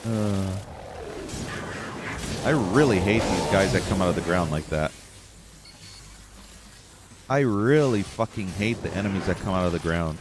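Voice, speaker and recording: Man streaming gameplay, angry profane ranter, pitch swings widely, faint hiss behind. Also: lively intonation, measured pace, pauses often. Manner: profane, ranting, easily frustrated. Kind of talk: live gameplay commentary.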